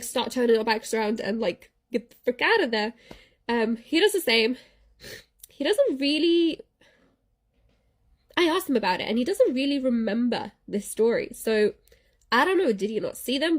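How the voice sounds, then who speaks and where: A young woman casually telling a spooky childhood story, rambling and animated, often stopping to ask "okay?". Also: a little high. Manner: animated, rambling, frequent "like" and "okay?", laughing at herself. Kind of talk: casual spoken ghost story.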